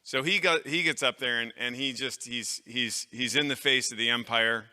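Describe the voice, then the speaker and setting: A man's voice: medium pitch, normal speed, sharp tone, long reverb tail. A middle-aged man giving a live talk to an audience of clergy, conversational and anecdotal, with fillers and restarts. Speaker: conference speaker.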